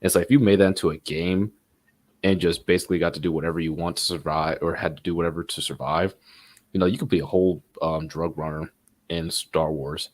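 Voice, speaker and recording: A man's voice: sits low, fairly even intonation, a little fast. A man co-hosting a gaming podcast, talking in a loose, rambling way and laughing often. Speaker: podcast co-host. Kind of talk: casual gaming chat.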